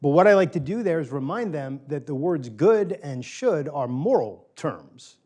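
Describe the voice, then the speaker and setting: A man's voice: a little high, animated, normal speed, mellow. Conversational man lecturing a small group. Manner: conversational, polls the audience, repeats key phrases for emphasis. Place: small room with a live audience.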